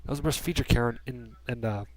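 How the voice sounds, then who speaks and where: A man's voice: mid-range voice, fast. A man giving a casual spoken movie review from a room at home, rambling with many restarts and fillers.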